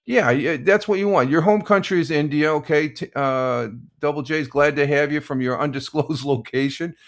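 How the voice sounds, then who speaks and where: A man's voice: on the high side, moderate pace. An older American man hosting a casual live stream, rambling with many restarts and giving blunt opinions while reading viewer comments. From United States.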